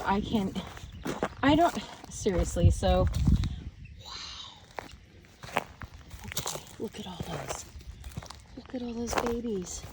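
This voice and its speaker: A woman walks her flower field filming on a handheld camera, talking unhurriedly as she thinks aloud. Every so often she leaps up into high, delighted exclamations. Clear outdoor noise runs under her voice. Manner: bursts into high excited exclamations; chatty, thinking aloud while walking. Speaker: flower farmer. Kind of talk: walk-through farm vlog. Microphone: handheld camera carried while walking.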